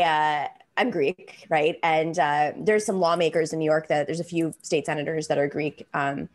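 A woman hosting a political talk show, talking in an animated, rambling and self-deprecating way. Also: lowish voice.

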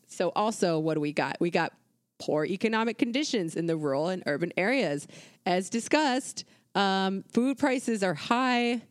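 A woman's voice: medium pitch, lively intonation, normal speed, smooth, dry recording. Woman rambling casually about history, swears a lot, lots of um and like, dry close sound. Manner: irreverent, profane, conversational, many fillers. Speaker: podcast co-host. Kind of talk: casual history podcast chat.

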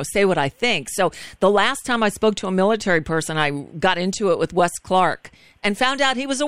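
A woman guest hosts a radio talk show in a casual, frank way, tripping over her words now and then. Her voice is smooth and clear, and the sound is dry and close to the mic. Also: mid-range voice, fairly bright tone, no echo. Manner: chatty, frank, with restarts.

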